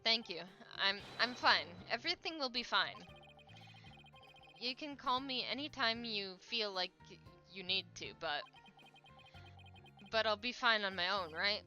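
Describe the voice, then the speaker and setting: A woman's voice: mid-range voice, animated, measured pace, sharp tone, soft background music. Woman voicing a stammering young lawyer. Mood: nervous. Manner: stammering, anxious. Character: earnest, nervous young male defense lawyer. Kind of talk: voicing game dialogue.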